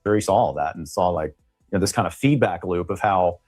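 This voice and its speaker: A man's voice: deep voice, a little fast, a little mellow, no echo, faint music behind. A man, an attorney, explaining a case in a long-winded interview conversation. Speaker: attorney guest.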